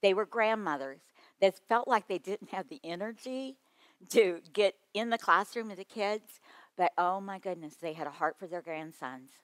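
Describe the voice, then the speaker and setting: A woman presenting a children's ministry workshop at a conference, talking to the audience in a lively, playful way. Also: mid-range voice, normal speed, dry recording.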